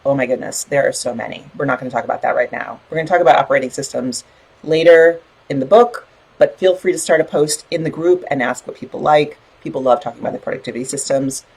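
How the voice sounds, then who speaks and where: A woman's voice: a bass voice, quick pace, a little mellow, husky, poor audio. A middle-aged woman hosting a book club live stream, chatting in an encouraging way and reading out viewer comments. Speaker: podcast host leading a book club. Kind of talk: casual live-stream talk to a group.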